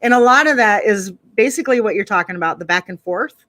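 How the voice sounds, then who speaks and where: Guest, candid casual chat, quick to laugh, crisp bright tone. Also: medium pitch, animated, no room sound. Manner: candid, self-deprecating, laughs easily.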